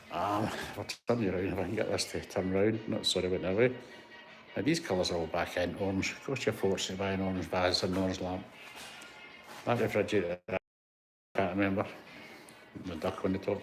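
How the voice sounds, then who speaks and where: A Scottish man in his sixties giving a rambling, chatty walking-tour vlog with a phone on a gimbal, poking fun at himself. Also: sits low. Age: 60s. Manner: chatty, rambling, self-deprecating. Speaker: vlogger. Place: outdoor heritage museum grounds. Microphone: handheld phone on gimbal.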